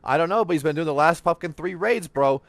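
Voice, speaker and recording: Gamer dude ranting and cursing, kinda high voice, dry close sound. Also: male voice, fast, vocal fry, no echo. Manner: profane, animated storytelling. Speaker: streamer and podcast host. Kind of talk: casual gaming chat while playing.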